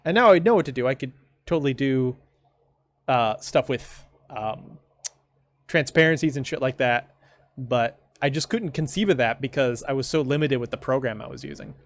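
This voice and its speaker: A man's voice: medium pitch, moderate pace, gravelly. A man giving casual commentary on his own comic, rambling along with dry, sarcastic asides. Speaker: comic creator.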